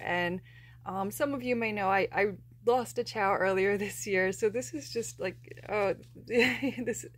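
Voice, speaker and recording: A woman hosting a casual unboxing vlog, gushing and emotional, often breaking into soft laughter. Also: mid-range voice. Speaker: plush collector vlogger.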